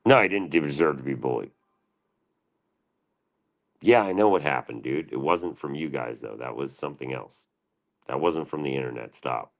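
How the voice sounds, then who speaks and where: A man's voice: extremely low pitch, animated, moderate pace, pauses often. A man hosting a livestream, answering his chat in a profane, combative and defensive rant. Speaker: livestream host.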